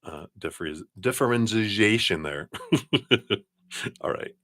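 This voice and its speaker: A man's voice: lowish voice, expressive, takes it slowly, fairly bright tone, dry recording. A man giving live-stream tarot readings, talking reassuringly and directly to the viewer with frequent chuckles. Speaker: tarot card reader.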